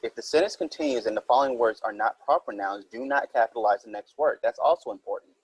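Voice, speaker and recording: A man's voice: medium pitch, fast talker, husky, poor audio. A man teaching a recorded writing minilesson, explaining step by step and reading example sentences aloud.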